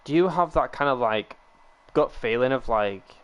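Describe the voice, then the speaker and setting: A man's voice: mid-range voice, lively intonation, normal speed, smooth, lo-fi sound. A man, chatting casually with stream viewers on a headset and rambling with frequent chuckles. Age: 20s. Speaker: livestreamer. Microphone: gaming headset.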